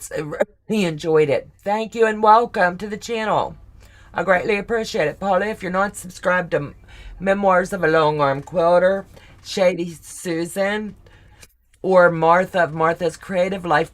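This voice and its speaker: A woman hosting a live sewing stream, chatting casually and reading viewer comments aloud in an effusive, gushing, readily emotional way. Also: on the low side.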